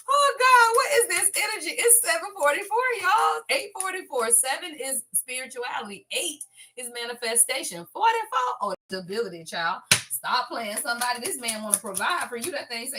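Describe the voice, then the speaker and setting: Excitable high-pitched tarot reader, woman. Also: moderate pace, very noisy. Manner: excitable, profane, laughs and exclaims often; talks straight to viewers as y'all. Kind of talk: casual tarot reading to camera.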